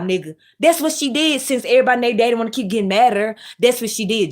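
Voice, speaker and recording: A woman vlogger talks in a lilt. She rants bluntly and profanely. She keeps an animated, opinionated flow and snaps at her chat. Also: on the high side. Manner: reads live chat and scolds viewers. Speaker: commentary vlogger. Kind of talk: casual opinionated commentary.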